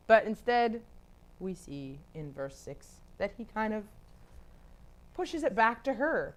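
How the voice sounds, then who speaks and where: A woman's voice: mid-range voice, very animated, a little slow. Chatty woman leading a Bible study. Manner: chatty, laughs often, lots of filler "like"; acts out quoted people in talk. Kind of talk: casual Bible study teaching.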